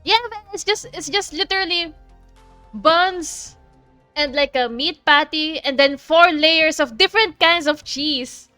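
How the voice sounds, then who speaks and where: A woman with a Filipino accent chats casually as she streams a game, laughing often and cursing freely. Her voice is high, bright and crisp. It sounds dry and close, with soft music playing underneath. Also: measured pace, dry recording. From Philippines. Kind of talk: casual chat while playing.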